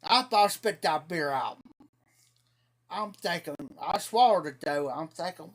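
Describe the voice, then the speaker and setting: A man's voice: a little high, animated, measured pace. A man casually telling a rambling, folksy story on a live stream, laughing at his own tale.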